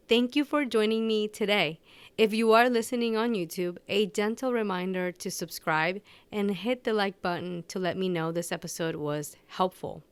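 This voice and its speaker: A woman hosts her own podcast in an unscripted, candid personal monologue, animatedly telling stories with laughter and acting out bits of quoted dialogue. Her mid-range voice is smooth, with no room sound.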